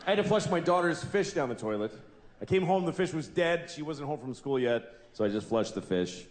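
Animated stand-up comic in an echoey hall. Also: male voice, on the high side, a little fast. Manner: deadpan and exasperated, bursting into shouted voices of animals and people. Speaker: stand-up comedian. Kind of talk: stand-up comedy routine. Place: large theater stage with a live audience. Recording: echoey live hall with audience noise.

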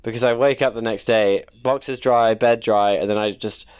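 A man's voice: fairly low pitch, fairly even intonation, moderate pace, clean tone. A young man in his twenties, casual chat as podcast co-host, telling rambling self-deprecating stories with many restarts.

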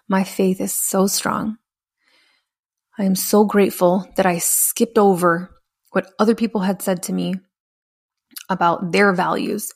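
A woman's voice: medium pitch, gravelly, darkish tone. A young adult woman telling her own story candidly and bluntly, with profanity and acted-out quotes. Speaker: speaker sharing her story.

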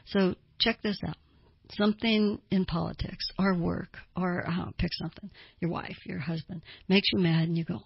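A woman's voice: on the low side, moderate pace, creaky, slightly rough, no echo. A woman therapist giving advice in an earnest way, asking listeners pointed rhetorical questions. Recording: dull lo-fi dry recording.

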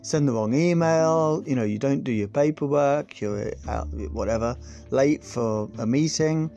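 A man's voice: mid-range voice, a little slow, dark tone, faint music behind. A man hosting a podcast, delivering a sarcastic, sweary comic monologue on politics, full of rambling asides. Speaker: podcast host.

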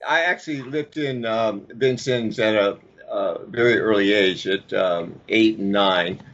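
A man's voice: fairly low pitch, measured pace, fairly bright tone, highs cut off, a little hiss or hum. A man co-author from the American South, telling stories in casual conversation with many fillers and restarts.

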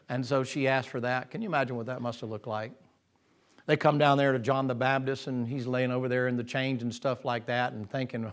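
A man preaching a lively sermon in a folksy, joking way, acting out the people in his story. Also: medium pitch, a little fast. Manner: folksy and joking, acts out voices of figures.

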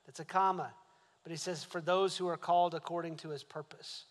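A male pastor preaching a sermon. He builds to emphatic questions and eases into a soft prayer. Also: on the high side, fairly even intonation, a little fast, long reverb tail.

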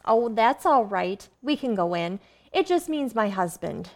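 A woman's voice: fairly high pitch, very animated, a little slow. An actress playing a cheerful, kindly young wife and mother in a 1940s radio drama, sweet and friendly.

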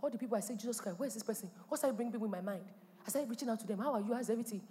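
A woman pastor, preaching a sermon with animated delivery and sudden loud exclamations. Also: fairly high pitch, rapid-fire, big-room sound, slight background noise. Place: church hall.

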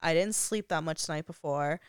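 Her voice deep and smooth at a normal pace, a young vlogger recounts a personal story in a chatty, casual style. She fills it with "like" and laughs frequently, in a dry, studio-quality recording.

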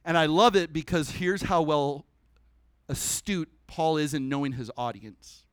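A man preaching a sermon at a church service, animated and conversational, breaking into humorous asides. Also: on the high side, a little slow, clear, resonant tone, dry recording.

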